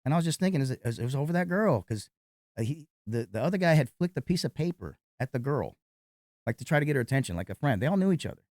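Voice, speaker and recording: A man who works as a nightclub bouncer tells a fight story in an interview, animated and profane. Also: medium pitch, fast, no echo, studio quality.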